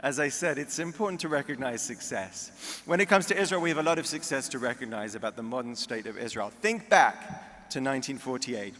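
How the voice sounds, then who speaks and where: A man's voice: medium pitch, a little fast, fairly bright tone. A man from the UK, giving a speech at a convention and telling anecdotes and jokes. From United Kingdom. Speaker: convention speaker. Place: large convention hall. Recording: long hall reverb.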